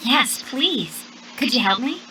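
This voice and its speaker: A plain textbook dialogue woman, read by a woman. She sounds set back from the mic, with noise clearly audible behind. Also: high voice, big pitch swings, slow, sharp tone, full character voice. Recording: distant with noticeable background noise.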